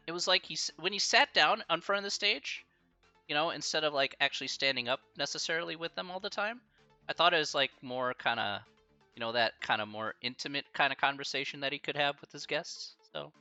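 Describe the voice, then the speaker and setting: An American man tutors math live on stream in a loose, chatty way, encouraging his students and laughing easily. His voice is very bright and his pitch swings a lot. The sound is dry and close, with faint music underneath. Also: no echo. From United States. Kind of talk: casual livestream tutoring chat.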